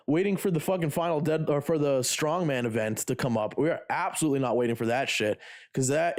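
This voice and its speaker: A male livestreamer in relaxed, unscripted chat. His voice sits at an ordinary middle pitch. He rambles through restarts and fillers and swears freely. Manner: rambling, profane, lots of fillers. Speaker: livestreamer and lifter.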